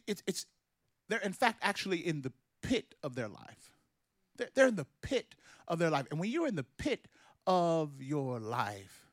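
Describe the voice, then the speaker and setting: A man preaching a sermon with passion, repeating phrases for emphasis and building to shouted peaks. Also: a little high, no echo, studio quality. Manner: impassioned, builds to shouted climaxes.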